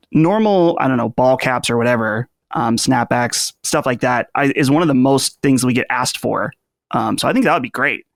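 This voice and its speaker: A man co-hosting a podcast in casual chat, measured and hesitant with frequent ums. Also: medium pitch, dry recording, clean studio sound.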